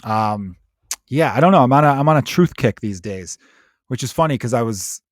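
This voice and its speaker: Profane ranting comedian, dry close mic. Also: male voice, mid-range voice, normal speed, no room sound. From Chicago, USA. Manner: profane, animated ranting with mocking put-on voices. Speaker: comedian podcast host. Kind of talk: solo comedic rant.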